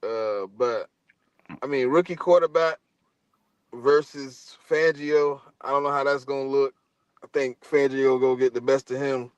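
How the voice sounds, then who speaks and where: A man's voice: medium pitch, steady tone, unhurried, clean tone, dry recording, muffled recording. A man co-hosting a casual sports podcast, talking in a laid-back, slangy way that often trails off. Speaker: podcast co-host.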